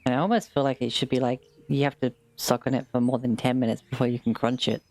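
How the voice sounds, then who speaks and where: Gravelly-voiced easygoing male game master. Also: mid-range voice, flat delivery, fast, darkish tone, no room sound. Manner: easygoing, chatty, casual fillers. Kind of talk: running an online tabletop game.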